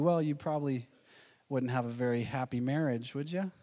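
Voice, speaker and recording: A man's voice: medium pitch, moderate pace, mellow, long reverb tail. A man in his thirties preaching a sermon to a church, telling stories with quoted voices and chuckles. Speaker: pastor.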